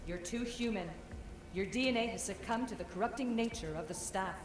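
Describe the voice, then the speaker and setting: An actress playing a stern, cautious woman in a video game cutscene, speaking in a measured, disapproving way. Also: medium pitch, natural voice. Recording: echoey game audio with ambient noise.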